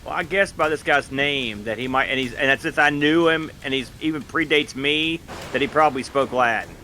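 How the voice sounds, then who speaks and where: A man's voice: medium pitch, normal speed, pushed and bright, slight background noise. A man playing a tabletop game, dropping wry quips between rolls. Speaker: player. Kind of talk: casual game chat.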